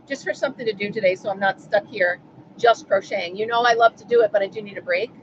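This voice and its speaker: A woman's voice: fairly high pitch, muffled recording, slight background noise. A woman hosting a casual live stream from home, chatting and answering viewers by name. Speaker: livestream host.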